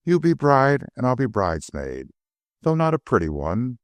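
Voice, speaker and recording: A man's voice: mid-range voice, sing-song, normal speed, dry recording, voice pushed up, natural voice. A man voicing an older, loving working-class female servant who talks in homely, ungrammatical speech. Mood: doting.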